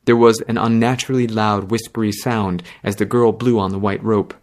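A man narrating a fantasy story in a measured, dramatic reading. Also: fairly low pitch, steady tone, darkish tone.

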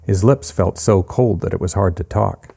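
A man reading a short story aloud in a steady, even manner. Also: deep voice, normal speed, creaky, husky. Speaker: narrator.

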